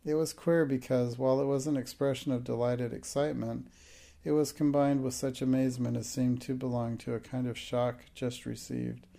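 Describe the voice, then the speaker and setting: A man narrating a classic novel as an audiobook, steady with occasional slips and restarts. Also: mid-range voice, normal speed, gravelly.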